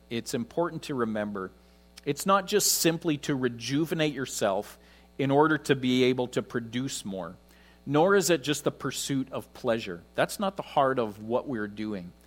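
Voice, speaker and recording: A man preaching a conversational sermon in church, with frequent pauses. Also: medium pitch. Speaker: pastor.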